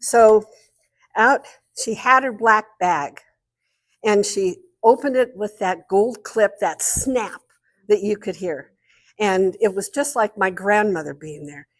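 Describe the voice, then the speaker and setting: A woman's voice: mid-range voice, slow pace. Chatty woman telling a story. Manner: chatty, meandering, self-interrupting. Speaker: guest speaker at an art society. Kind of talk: anecdotal storytelling talk.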